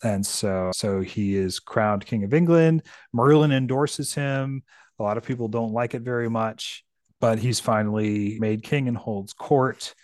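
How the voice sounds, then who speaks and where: A man's voice: mid-range voice, a little slow, a little mellow, dry recording, studio quality. Chatty American man in a podcast. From United States. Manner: chatty, rambling, lots of restarts. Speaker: podcast host. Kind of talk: casual podcast discussion retelling a book.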